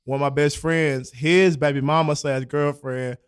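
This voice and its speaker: A man's voice: on the high side, steady tone, normal speed, clean tone. A young man in casual chat, telling a loose, profanity-laced story full of slang and acted-out quotes.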